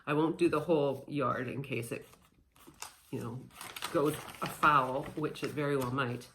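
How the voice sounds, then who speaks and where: A woman's voice: rumbling low, fairly even intonation, a little slow, background noise. A woman in her thirties chatting casually and playfully as she shows off her cross-stitch haul, a bit scattered with lots of fillers. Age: 30s. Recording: echoey room.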